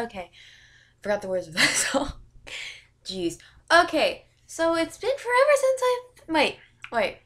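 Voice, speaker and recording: Woman vlogger with a high, bouncy voice who rambles and giggles. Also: wildly swooping pitch, a little slow, pauses often, bright, forceful tone. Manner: giggly, rambling, self-correcting. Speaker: YouTuber. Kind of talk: casual vlog chat to camera.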